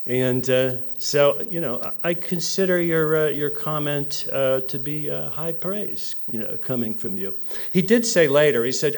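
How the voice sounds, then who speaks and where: A man's voice: mid-range voice, normal speed. A middle-aged man from New Jersey giving a conference talk, telling stories with humor and acting out quotes in other voices. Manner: animated storyteller, mimics voices in quotes. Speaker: conference speaker. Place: conference hall.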